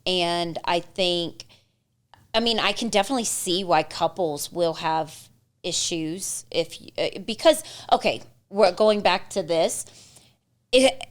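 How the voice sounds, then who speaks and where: Woman, young adult, lowish voice, casual co-host chat, animated storytelling. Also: slow. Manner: lively storytelling with laughs and quoted dialogue.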